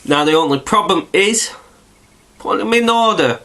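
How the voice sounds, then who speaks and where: A man's voice: high voice, lively intonation, moderate pace, sharp tone. A man, stuffy and nasal from hay fever, rambling chattily through a casual video review and swearing now and then.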